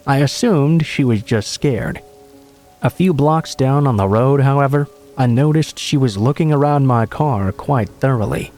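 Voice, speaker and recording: Male horror story narrator, mid-range voice, measured dramatic read, faint music underneath. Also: medium pitch, darkish tone. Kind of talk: scripted narration of a true scary story.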